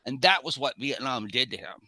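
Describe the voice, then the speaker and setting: A man co-hosting a casual film discussion, telling stories in an animated way and acting out the quotes. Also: mid-range voice, fairly quick, gravelly, no echo. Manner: animated storyteller, acts out quotes. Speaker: podcast co-host.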